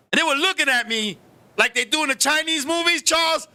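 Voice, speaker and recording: A man telling a comic story on a show, animated and profane, who keeps turning to his co-host. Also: very high-pitched. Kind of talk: comedic storytelling.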